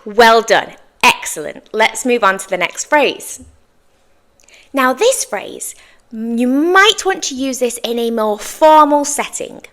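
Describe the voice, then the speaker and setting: Woman teaching english real slow, pitch goes all over, super encouraging. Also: animated, a bit bright. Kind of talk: slow, clear English lesson with repeat-after-me drills.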